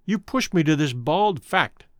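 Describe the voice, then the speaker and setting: A man's voice: a little high, lively intonation, measured pace, dry recording, studio quality. A man voicing an idealistic young man with an impassioned, declamatory manner. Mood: ardent.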